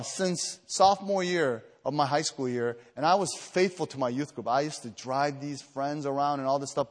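A man from the Chicago area preaching an evening retreat sermon, earnest and emphatic, telling personal stories with many fillers and restarts, and growing louder and higher when stirred. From Chicago area, USA. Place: retreat meeting hall. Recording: echoey hall reverb.

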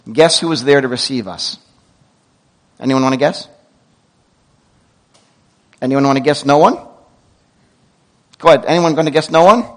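On a rough recording, a middle-aged man with a medium-pitched voice preaches as pastor. His sermon is full of stories, lively asides, and quick self-corrections.

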